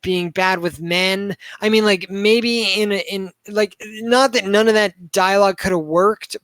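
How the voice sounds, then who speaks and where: A man with a rather high voice talks through a film review in loose, rambling chat. He leans on "like" constantly and swears freely. The sound is dry and close, with no room around it. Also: fairly even intonation, measured pace, a bit bright, dry recording. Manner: rambling, heavy on filler words, swears a lot. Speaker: podcast co-host reviewing a movie. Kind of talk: casual chat.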